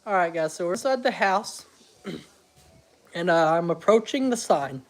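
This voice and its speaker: A rambling, chatty man with a fairly high voice, laughing easily as he talks to viewers in a home livestream. The sound is close and dry, with almost no room in it. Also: expressive, normal speed, dry recording. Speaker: homestead vlogger. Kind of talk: casual livestream chat. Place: indoors at home.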